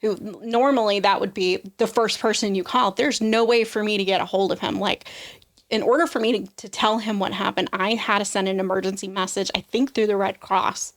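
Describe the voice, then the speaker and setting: A young adult woman, a podcast guest, gives an emotional personal testimony in an interview, saying "like" often and acting out quoted voices. Her voice is medium-pitched, steady in tone, and brisk.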